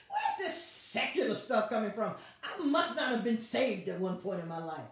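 A woman's voice: on the high side, big pitch swings, a little slow. A woman pastor, leading an online Bible study with call-and-response, exuberant and laughing as she calls out viewers by name. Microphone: device streaming to viewers online. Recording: very echoey, heard from a distance.

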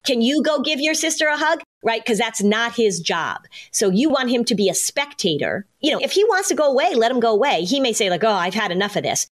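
A woman's voice: a little high, brisk, few pauses. A middle-aged woman hosting a parenting podcast, giving advice in casual chat and acting out what parents and kids might say. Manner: animated, acts out parent and child lines. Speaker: podcast host, parenting anxiety expert.

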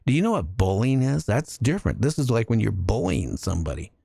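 A man hosting a casual talk radio show, telling jokey stories with lively energy. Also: fairly low pitch, brisk, creaky, slightly rough, no echo, clean studio sound. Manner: animated storytelling, jokey.

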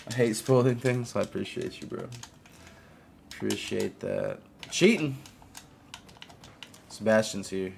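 Low, gravelly guy streaming a game, loose and chatty, welcomes viewers and shouts at plays; light hiss behind him. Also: a little slow, long pauses. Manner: greets viewers and reacts to gameplay. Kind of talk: casual live-stream gaming chat.

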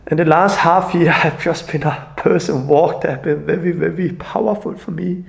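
Gravelly, tearful man, earnest and halting. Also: on the high side, steady tone. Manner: earnest, halting, non-native phrasing. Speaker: evangelist. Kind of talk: emotional personal video message.

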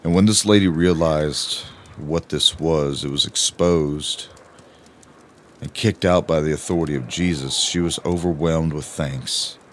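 A man giving a slow, measured first-person audiobook narration. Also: very deep voice, slight background noise.

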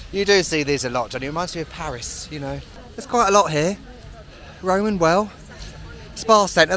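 A man's voice: on the high side, pushed and bright, a little hiss or hum. A man talking casually in a walking travel vlog, chatty, self-mocking and enthusiastic, outdoors. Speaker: travel vlogger. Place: outdoors in a spa town street.

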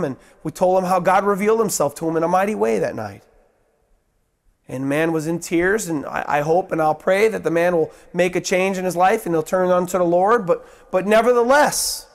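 High-voiced man preaching a sermon. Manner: storytelling preacher, acts out quoted voices, drops low and soft for appeals. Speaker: pastor.

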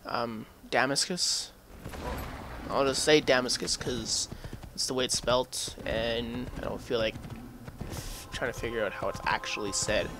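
A man's voice: medium pitch, normal speed, background noise. Rambling man narrating a game. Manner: rambling, chuckling, talks to the game. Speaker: gameplay commentator. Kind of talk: casual let's-play commentary. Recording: voice over loud game music. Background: game music.

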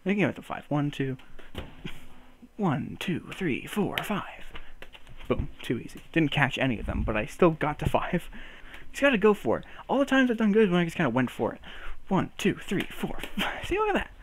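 Lively young man counting and laughing. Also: a little high, moderate pace, a little hiss or hum. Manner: counting aloud, laughing at himself, swearing in frustration. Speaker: vlogger learning to juggle. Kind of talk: casual self-talk while practicing.

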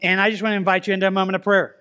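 High-voiced pastor preaching conversationally. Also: male voice, level tone, very fast, pushed and bright, clear, resonant tone. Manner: conversational, acts out imagined dialogue. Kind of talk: sermon. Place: church sanctuary.

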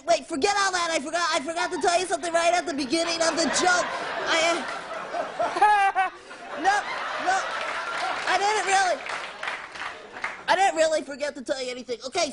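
An actor playing a giddy, childlike man-boy who rambles, restarts and giggles through his talk as a talk show guest. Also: extremely high pitch. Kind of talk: comic character performance.

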